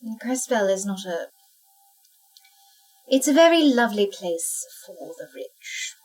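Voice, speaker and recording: A woman's voice: mid-range voice, big pitch swings, a little slow, darkish tone. A woman voicing a courteous woman informant who calls people darling and my dear, heard on a distant mic with faint music.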